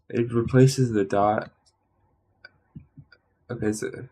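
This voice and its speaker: A man's voice: on the low side, fairly even intonation, vocal fry. Tired man muttering through study notes. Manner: muttering, halting, sounds words out. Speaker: language learner streaming study. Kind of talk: thinking aloud while studying.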